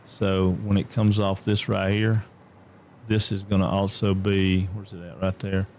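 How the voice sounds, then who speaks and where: Low gravelly man thinking aloud. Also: level tone, a little slow, a little mellow, slight background noise. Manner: muttering, thinking aloud while building. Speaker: streamer. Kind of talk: casual gameplay commentary.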